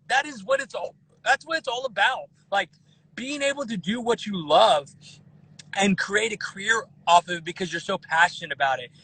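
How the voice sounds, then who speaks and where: A man in his thirties guesting on a podcast, talking in an animated way with lots of restarts and repeated words. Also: high voice, slightly rough, no echo, low-quality recording. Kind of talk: casual podcast chat.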